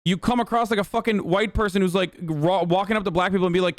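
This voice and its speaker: A man's voice: high voice, fairly even intonation, fast, no room sound, studio quality. A man from Turkey hosting a livestream, ranting in a heated, profane, argumentative way. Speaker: livestream host. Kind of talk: casual livestream rant.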